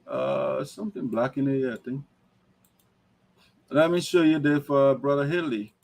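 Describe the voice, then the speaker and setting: A man's voice: mid-range voice, a little slow, creaky, darkish tone. A man hosting an online talk show, lecturing emphatically in livestream commentary. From Liberia.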